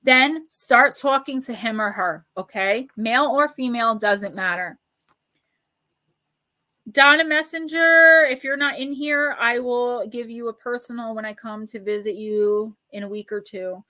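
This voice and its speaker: A woman hosting a live stream, chatting warmly with viewers and giving oracle card readings, slowing into a soothing cadence when she reads a card's message. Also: fairly high pitch. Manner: chatty and affectionate, reads cards aloud in a slow soothing cadence.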